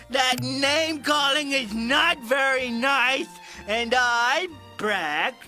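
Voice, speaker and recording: Goofy, very high and bright-toned childish cartoon alien, slow delivery. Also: male voice, full character voice. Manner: goofy, loud and childish, easily hurt. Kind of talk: TV cartoon voice acting.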